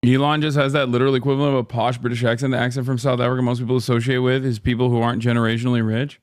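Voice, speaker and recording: A man's voice: medium pitch, flat delivery, rapid-fire, no room sound, clean studio sound. A man streaming, reacting to clips in blunt casual chat with plenty of swearing.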